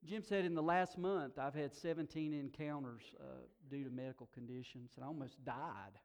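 A middle-aged man preaches at a moderate pace in a medium-pitched voice. As a pastor, he tells warm personal stories that draw laughs and build toward emotional, emphatic high points.

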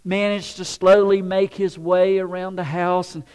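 Man, pastor, sermon, storytelling, soft to loud, higher pitch. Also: little pitch movement, measured pace, smooth.

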